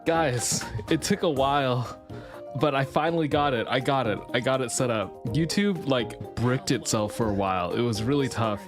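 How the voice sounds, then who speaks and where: A young adult livestreamer chatting casually and excitably with viewers, often repeating phrases. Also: mid-range voice, moderate pace, over music.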